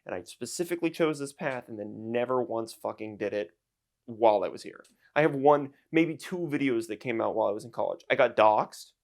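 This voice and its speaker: A man's voice: medium pitch, expressive, brisk, a little mellow. Dude in his 20s ranting at the camera, jokey and self-mocking, all over the place. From United States. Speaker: YouTuber and streamer. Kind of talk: casual vlog rant to camera.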